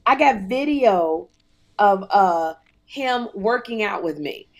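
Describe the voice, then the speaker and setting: A middle-aged woman hosting a talk show, telling comic stories in a lively, animated way and acting out quotes. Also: mid-range voice, takes it slowly, rough recording. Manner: animated storytelling, acts out quotes. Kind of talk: casual comedic chat.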